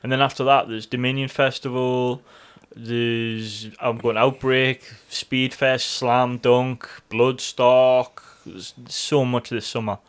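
A man's voice: mid-range voice, little pitch movement, slow pace, few pauses, smooth. A man co-hosting a podcast, chatting in rambling, sweary banter and laughing often. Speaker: podcast co-host. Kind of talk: casual chat.

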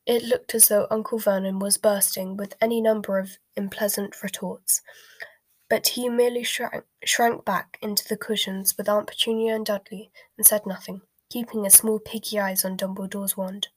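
Woman narrator, hushed whisper, whispered role-play, dry close sound. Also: mid-range voice, little pitch movement, moderate pace, breathy edge, dry recording. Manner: soft, hushed storytelling.

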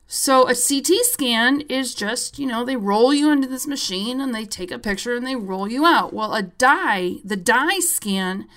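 A woman podcast host telling a story in a casual, animated and profane way, with wry asides. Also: fairly high pitch.

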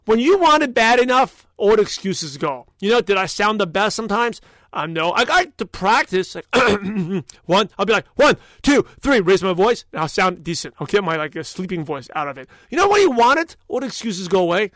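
A man with a high-pitched voice hosts a solo podcast, recorded dry and close. He talks in an emphatic, motivational way, rambling and restarting his sentences as he goes. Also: sing-song, a little fast, a bit bright, no room sound. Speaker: podcast host.

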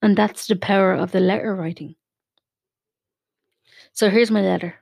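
Soft-spoken woman with gravelly fry. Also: medium pitch, steady tone. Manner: gentle, soothing, unhurried. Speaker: podcast host. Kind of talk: guided relaxation and personal podcast talk.

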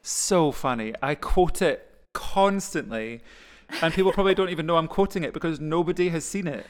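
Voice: medium pitch, moderate pace. A podcast co-host in casual chat, enthusiastic and fond of quoting comedy lines.

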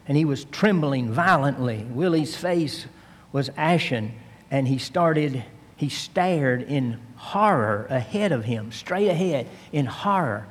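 A man delivers a sermon, retelling a story with slow, emphatic drama. His voice is a little husky. It rings out with a long reverb, as if in a large church hall. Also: medium pitch, expressive. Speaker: preacher.

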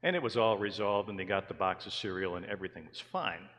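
Low-voiced male pastor in an echoing church. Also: expressive, fast, fairly bright tone. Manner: reads scripture, then tells stories in an earnest preaching voice. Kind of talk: sermon. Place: church sanctuary. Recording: long hall reverb in a church.

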